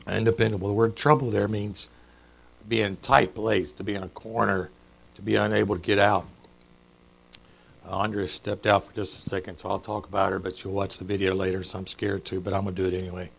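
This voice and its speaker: A man's voice: fairly low pitch, little pitch movement, a little fast, vocal fry, husky, poor audio. A middle-aged man preaching a sermon in a church, chatty and joking, quizzing the congregation. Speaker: pastor. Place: church sanctuary.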